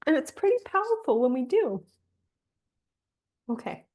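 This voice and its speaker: A young adult woman gently guiding a reflection exercise, talking softly and emotionally with slow encouraging words. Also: high-pitched, sing-song, highs cut off. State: emotional, near tears. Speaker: fitness coach leading a guided exercise. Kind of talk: guided reflection exercise on a live call.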